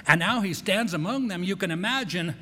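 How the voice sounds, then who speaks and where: A man preaching a conversational sermon as pastor, with frequent restarts and quick asides. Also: sits high, expressive, bright, forceful tone. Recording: long hall reverb.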